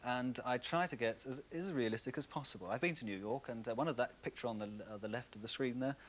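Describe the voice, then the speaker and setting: A man's voice: mid-range voice, fast. A man who draws cartoons, talking in a TV interview hesitantly, with many fillers and restarts. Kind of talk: casual TV interview.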